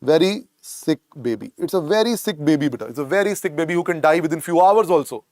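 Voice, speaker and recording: Fast and lively in intonation, a man with an Indian accent lectures a medical exam class in a slightly high, a little mellow voice. The studio-quality recording has no room sound, and he drills terms over and over, uses Hindi words, and calls students "beta."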